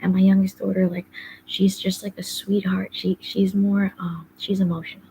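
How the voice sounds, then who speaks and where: A woman hosts a podcast in a mid-range, gravelly, warm voice with little pitch movement and a moderate pace. She rambles through a casual personal monologue full of fillers like "like" and "um," often slipping into a whispery undertone. The recording is low quality, with slight background noise.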